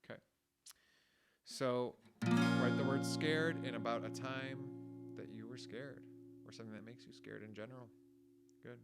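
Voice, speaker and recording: With guitar music under his voice on a home mic, a man teaches little kids about emotions, speaking unhurriedly in a mid-range, fairly even tone with long pauses. He's a music teacher who explains each feeling word gently, sighs and groans to act them out, and drifts into thinking-aloud asides.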